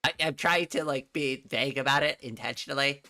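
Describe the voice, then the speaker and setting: A woman's voice: a bass voice, a little fast, sharp tone. A middle-aged woman from New England chatting casually on a livestream from her room, rambling and laughing often. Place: home room.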